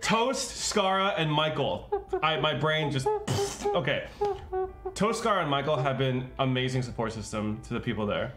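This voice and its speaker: A man's voice: mid-range voice, moderate pace, a bit bright, faint music behind. A man talking earnestly on a livestream, rambling with lots of fillers. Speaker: streamer. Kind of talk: casual stream chat.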